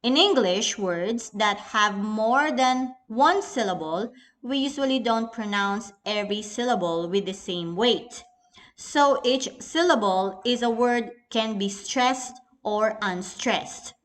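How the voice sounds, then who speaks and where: A Filipino-accented woman teaching a recorded English lesson, calling the class "everyone" as she goes. She speaks slowly and patiently. Her voice sits fairly high. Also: fairly bright tone.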